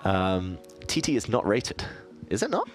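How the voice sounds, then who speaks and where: Deep-voiced man, thinking aloud. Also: wildly swooping pitch, a little slow, soft background music. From southeast England. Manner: thinks aloud, self-deprecating, chatty with viewers. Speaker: chess player and streamer. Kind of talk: casual live-stream commentary while playing.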